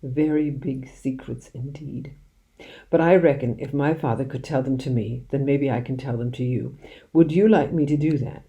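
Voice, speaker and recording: A woman reading aloud, voicing a lively, mischievous village father who loves poaching and shares his secrets. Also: extremely low pitch, brisk. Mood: secretive. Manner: animated, conspiratorial, drops to hushed secrecy.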